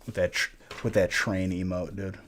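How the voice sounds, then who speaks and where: A relaxed man with a very deep voice hosts a live stream and opens card packs as he talks. He jokes with viewers and greets them by name in an easygoing way. Faint crinkling of wrappers can be heard behind him. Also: normal speed, noisy background. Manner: laid-back, joking, talks to chat by name.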